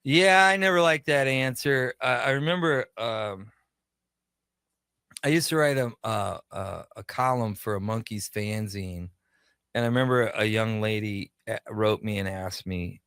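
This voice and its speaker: A man's voice: lowish voice, normal speed, clear, resonant tone, dry recording, studio quality. Chatty man telling radio stories. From Minnesota. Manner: animated anecdotes, acting out dialogue. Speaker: radio show creator and guest. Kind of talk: casual storytelling. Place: radio studio.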